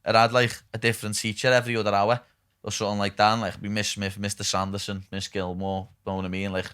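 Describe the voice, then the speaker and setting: A young Liverpool man talks at a brisk, tumbling pace in a lowish voice. He hosts a casual podcast chat and rambles through stories, with "lad" and swearing in almost every breath. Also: level tone, a bit bright, clear, resonant tone. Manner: rapid, rambling storytelling with constant "lad" and swearing. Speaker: podcast host.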